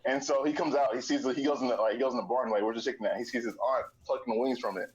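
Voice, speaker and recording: A man's voice: medium pitch, fairly even intonation, rapid-fire, slightly rough, dull audio. A man telling a funny family story in a casual group voice chat.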